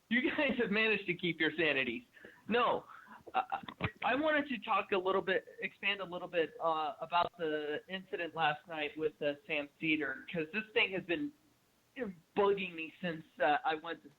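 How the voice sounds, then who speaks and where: A man calling in to a talk show, ranting angrily with profanity and many halting fillers. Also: fairly high pitch, slight background noise. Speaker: caller. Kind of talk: ranting call-in comment. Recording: tinny phone line.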